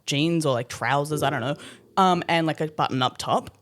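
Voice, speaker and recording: Animated woman telling a story. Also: sits low, normal speed. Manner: animated, laughs through the story, swears casually. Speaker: podcast co-host. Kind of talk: casual storytelling chat.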